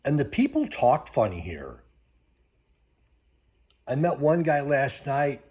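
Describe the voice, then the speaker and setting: Older man, folksy rambling vlog host, mid-pitched. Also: sing-song, slow, pauses often, darkish tone, husky. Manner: rambling, folksy, many fillers. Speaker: vlogger. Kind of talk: casual chat to camera.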